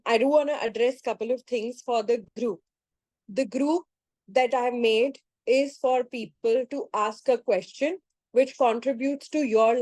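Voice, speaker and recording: A woman's voice: on the high side, darkish tone, no room sound, low-quality recording. A woman facilitator on a group call, talking firmly and insistently to her participants. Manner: firm, insistent, scolding.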